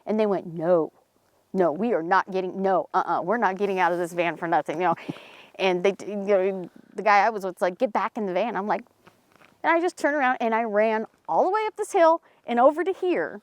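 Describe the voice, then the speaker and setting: A local story comes from a paranormal team member outdoors in a cemetery; she tells it casually and with energy, going higher in pitch to play the people she quotes. She talks a little fast, and the recording is dry.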